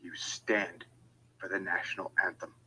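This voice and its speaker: Deep-voiced, furious, swearing man. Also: flat delivery, a little slow, sharp tone, slightly rough, low-quality recording. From United States. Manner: heated, profane and confrontational. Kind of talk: angry monologue.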